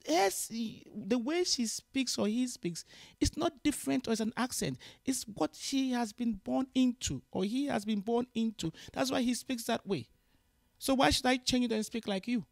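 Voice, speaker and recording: A woman's voice: fairly high pitch, normal speed, creaky, no room sound, studio quality. A middle-aged Ghanaian woman giving an interview, talking passionately and switching between Twi and English. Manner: passionate, lecturing, rising loud when stirred. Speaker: interview guest.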